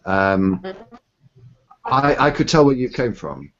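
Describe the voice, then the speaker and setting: A man's voice: mid-range voice, big pitch swings, takes it slowly, fairly bright tone, dull audio. A British man in a casual online debate, polite and hesitant, stumbling over his starts. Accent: British English. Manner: polite, hesitant, stammering restarts.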